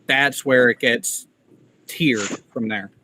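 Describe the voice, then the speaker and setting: A man's voice: medium pitch, slow, pushed and bright, a little hiss or hum. A man from the Midwest hosting a casual commentary chat, explaining things in a wry, playfully mocking way. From Midwest United States. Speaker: commentary show host.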